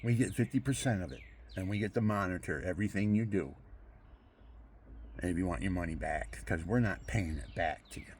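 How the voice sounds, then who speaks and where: An older man delivering a rambling, preachy monologue. He swings between hushed murmurs and loud outbursts. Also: low-pitched, brisk, slight background noise. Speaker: amateur guitarist and video maker.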